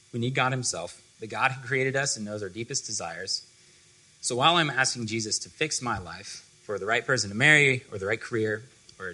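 Husky young man giving a casual sermon. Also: lowish voice, bright, forceful tone, low-quality recording. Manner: conversational, filler-heavy with frequent "like". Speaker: student fellowship speaker.

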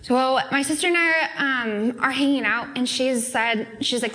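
A woman's voice: on the high side, normal speed, few pauses, fairly bright tone. A young adult woman speaking at a student fellowship, giving an earnest, heartfelt sermon in a casual, conversational way. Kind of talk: conversational sermon with a personal story.

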